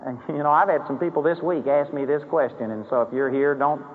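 Man, preacher, high voice, conversational sermon, emphatic, long hall reverb, muffled recording. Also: steady tone, fairly quick. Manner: conversational preaching that rises into emphatic acted prayers. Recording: dull, hollow-sounding sermon recording with faint hiss.

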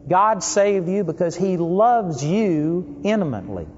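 A man delivering a sermon with a fairly high voice that punches key words and then drops low. The recording is dull and lo-fi, with a long reverb trailing off as if in a large hall. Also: animated, measured pace, slight background noise. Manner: emphatic, swings between loud stress and low asides. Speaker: preacher.

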